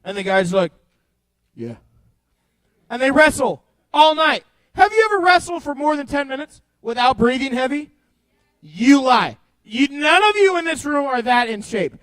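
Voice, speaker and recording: A young man leading a youth group Bible talk, playful and animated, swinging between loud bursts and hushed storytelling. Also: very high voice, moderate pace, no echo, rough recording. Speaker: youth pastor.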